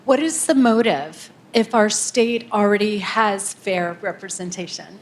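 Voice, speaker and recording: A woman's voice: mid-range voice, a little slow, slight background noise. A woman moderating a public Q&A, politely collecting note cards and reading audience questions aloud. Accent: American Midwestern. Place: community center meeting room.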